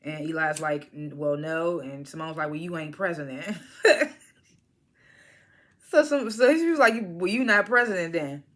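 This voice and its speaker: A woman recaps a TV drama in a loose, conversational way. Her voice sits a little low but sounds bright and forward. She slips into the characters' lines as she goes. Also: normal speed. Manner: animated retelling, acts out characters' lines, frequent laughs. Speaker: TV episode reviewer. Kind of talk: casual recap vlog.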